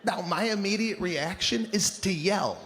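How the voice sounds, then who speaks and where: A high-voiced man performs stand-up, animated and indignant, with his rants building to outbursts. Clear background noise runs under the live recording. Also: unhurried. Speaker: stand-up comedian. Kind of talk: stand-up routine.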